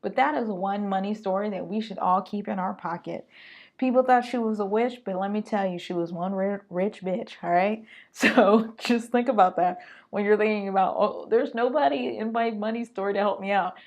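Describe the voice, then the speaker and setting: A woman hosting a solo podcast, talking straight to her listeners in an animated, slangy way. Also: medium pitch, moderate pace. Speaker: podcast host.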